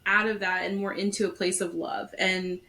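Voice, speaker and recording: A woman's voice: medium pitch, little pitch movement, moderate pace, sharp tone. Woman podcast host, candid and conversational, telling her own story. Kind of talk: casual podcast chat.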